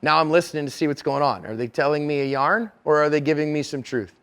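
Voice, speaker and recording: Middle-aged man lecturing, higher-pitched voice. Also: fast talker, a bit bright, smooth. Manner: conversational, acts out dialogue in character voices. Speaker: self-defense instructor. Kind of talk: conference lecture.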